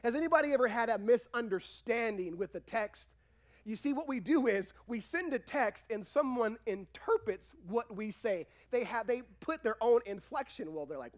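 Lively high-voiced man preaching. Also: moderate pace. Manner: conversational preaching, acts out quoted dialogue; asks the congregation questions. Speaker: pastor. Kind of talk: sermon. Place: church sanctuary.

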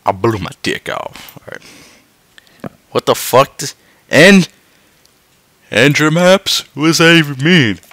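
A man swearing his way through a game, dropping to tired mutters and then yelling in excitement. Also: fairly high pitch, takes it slowly, pauses often, no room sound. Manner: swearing, swinging between mutters and yelps. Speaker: gameplay commentator. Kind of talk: profane let's-play commentary.

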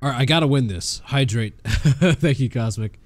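A young man giving excitable live gameplay commentary, swearing and laughing as he reacts. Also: medium pitch, normal speed. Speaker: streamer.

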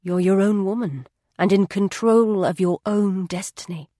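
A woman voicing a calm, loyal male confidant who speaks in a soft, measured, reassuring way in an audiobook. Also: medium pitch, dry recording, clean studio sound, natural voice.

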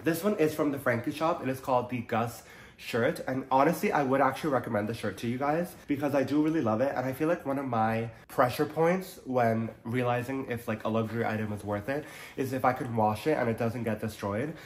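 A man's voice: mid-range voice, brisk. A young man vlogging about fashion in a casual, chatty way, his voice nasal from allergies and full of "like" fillers. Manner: chatty, many "like" fillers, upbeat. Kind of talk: casual chat to camera. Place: Toronto.

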